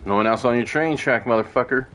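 A man streams a co-op western game and keeps up running commentary. His voice sits in a middle pitch, and his talk is salted with curses aimed at the characters on screen. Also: fast talker, fairly bright tone. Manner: swearing, heated, talks to game characters. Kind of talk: casual gameplay commentary.

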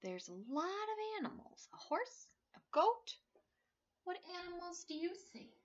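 A woman reading a picture book aloud to children, very animated and slow, with sing-song counting and playful animal sounds. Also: extremely high pitch, dull audio. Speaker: children's story reader.

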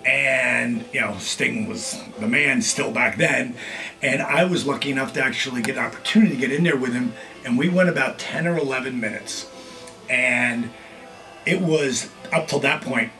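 A middle-aged man hosting his own video blog, telling casual stories with lively acted-out quotes. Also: mid-range voice, normal speed, soft background music. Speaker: vlog host, former wrestler. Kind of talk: casual storytelling.

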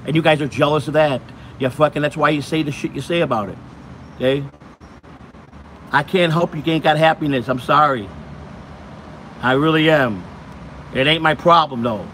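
A man's voice: a little high, moderate pace, pauses often, fairly bright tone, slight background noise. Profane ranting man outdoors. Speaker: host. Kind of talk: angry livestream rant. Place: outdoors, walking in hot sun.

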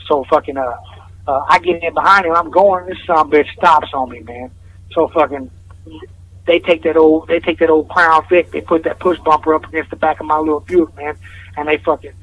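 A man's voice: on the high side, fairly bright tone. A man calling in from jail, rambling through a story in casual street slang with heavy swearing. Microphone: phone call. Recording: distant, noisy phone line from jail.

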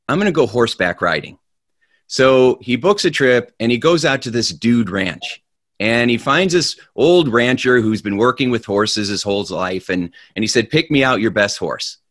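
A man giving a motivational talk, telling a joke with lively energy before moving into a calm explanation. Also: no room sound. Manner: animated storyteller, grows loud and high in the punchline. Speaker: motivational speaker.

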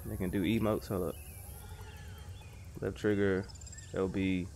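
A man's voice: low voice, little pitch movement, a little slow, gravelly, a little mellow, slight background noise. A man streaming a game in casual commentary, jumpy and easily startled, talking in slang to his viewers. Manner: jumpy, swears and laughs when startled; casual slang, addresses viewers as bro and y'all. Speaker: gaming streamer. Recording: game music in the background.

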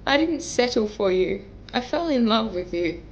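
A woman's voice: on the high side, lively intonation, normal speed, lo-fi sound, slight background noise. A young woman vlogger making an emotional message to camera, pleading and tearful, her voice breaking as she cries at times. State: crying at times.

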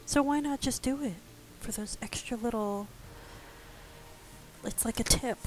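A woman's voice: a little high, measured pace, pauses often, faint music behind. A woman streaming a video game, chatting casually, teasing someone in the room and laughing often. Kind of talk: casual gameplay chat.

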